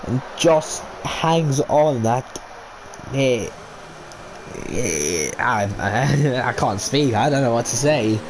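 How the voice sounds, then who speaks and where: A man with a head cold and a blocked nose calls a live online race, his voice sitting at an ordinary middle pitch. He jumps up in excitement when cars go side by side and slips into dry sarcasm in between. A clear hum of air conditioning runs underneath. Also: slow pace, pauses often. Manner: excitable, rising sharply in tense moments, dry sarcasm. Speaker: esports race commentator. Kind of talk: live sim racing commentary. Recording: home setup with clear background noise.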